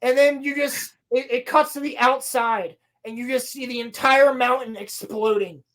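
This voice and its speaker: A high-pitched woman tears through a show recap with sarcastic disbelief and plenty of swearing. She acts out each character's lines with big, animated energy while co-hosting a casual podcast. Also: normal speed. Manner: sarcastic, profane, exasperated; animated storytelling with acted-out quotes. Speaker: podcast co-host.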